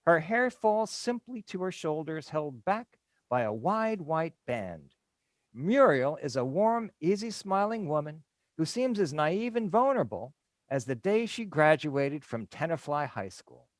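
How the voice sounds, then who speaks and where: Man reading stage directions, lively pitch. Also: measured pace, no echo.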